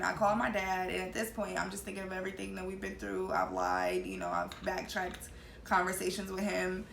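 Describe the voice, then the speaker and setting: A woman's voice: lowish voice, creaky, a bit bright, a little hiss or hum. A young woman co-hosting a casual vlog, telling a personal story candidly with many fillers. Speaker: vlogger, co-host. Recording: echoey room.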